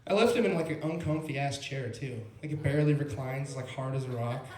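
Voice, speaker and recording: A man's voice: mid-range voice, fast talker, darkish tone. A young man doing stand-up at an open mic in a small club, telling a rambling, laid-back story full of "like" and "bro". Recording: roomy club sound.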